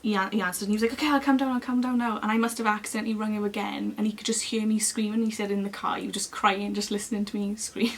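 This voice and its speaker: A young woman, chatting casually to camera as she tells a long personal story in an expressive, lively way. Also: mid-range voice, fast talker, few pauses. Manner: chatty and expressive, acting out other people's lines. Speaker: beauty vlogger.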